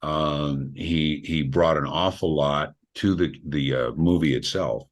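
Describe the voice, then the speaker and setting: A middle-aged man with a very deep, husky voice talks through his stories in a relaxed interview. He grows animated when retelling conversations. He performs the people he quotes. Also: slow pace. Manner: animated, acts out quoted voices with big pitch jumps, laughs. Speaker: film director. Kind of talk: casual interview storytelling.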